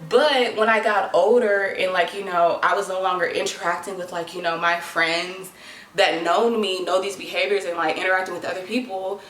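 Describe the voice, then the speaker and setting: A woman's voice: fairly low pitch, steady tone, moderate pace, a bit bright. A young woman talking casually to camera in an advice vlog, chatty and dramatic, full of "like". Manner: chatty, dramatic, lots of filler "like". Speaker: vlogger. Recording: echoey room.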